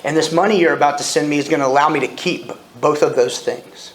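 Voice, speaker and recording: A man's voice: a little high, fairly even intonation, fast. A man in his forties, speaking at a recovery meeting and telling his story candidly, with self-deprecating humor. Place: meeting room. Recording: echoey room with faint ambience.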